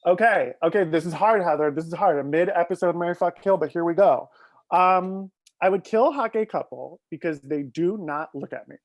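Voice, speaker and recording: A man chatting on a casual live stream, telling gossipy stories and laughing often. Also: on the high side. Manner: gossipy, quick storytelling with bursts of laughter. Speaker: guest.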